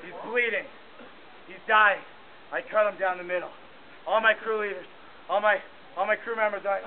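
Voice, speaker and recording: A man telling a mock-heroic tall tale for a contest, in a deadpan, boastful way. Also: sits high, normal speed, long pauses. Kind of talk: mock-heroic storytelling performance. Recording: tinny lo-fi camcorder audio with hiss.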